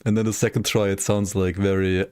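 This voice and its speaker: A man's voice: fairly low pitch, moderate pace, a little mellow, no room sound. A young man chatting casually on a gaming livestream, rambling, swearing freely and laughing often. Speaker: gaming streamer.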